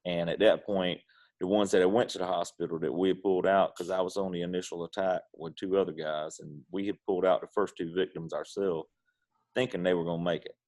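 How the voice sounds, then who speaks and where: Man, Eastern North Carolina accent, very deep voice, drawling, relaxed interview guest. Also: brisk. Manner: laid-back Southern storytelling, drawling. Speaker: guest, pitmaster. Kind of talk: casual interview chat.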